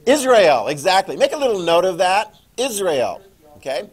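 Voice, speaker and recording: A man teaching a class, lecturing in a lively way and checking in with the students with frequent "okay?"s and questions. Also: high voice, normal speed, husky.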